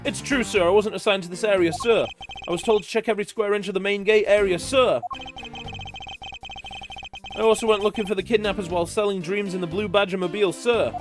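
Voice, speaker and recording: A man's voice: high voice, steady tone, brisk, natural voice. A British man with an English accent voicing a jittery, overeager young male police officer who pleads and ends every line with "sir". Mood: pleading eager. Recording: game music playing behind.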